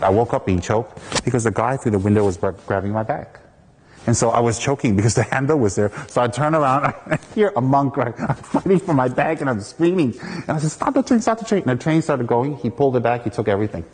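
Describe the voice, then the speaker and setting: A man from the United States gives a dharma talk as a Buddhist teacher. His voice sits low and sounds mellow, and he tells a lively personal story, acting out each person in it. The sound carries a long reverb from a hall.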